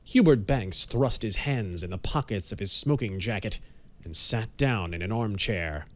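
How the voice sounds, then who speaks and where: A man giving measured, dramatic narration of a pulp audiobook. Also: fairly low pitch.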